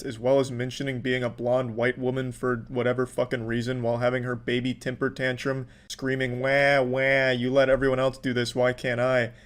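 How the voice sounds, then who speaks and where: Brief: man, middle pitch, deadpan sarcastic reaction commentary, heavy swearing. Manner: profane, mocking, deadpan sarcasm.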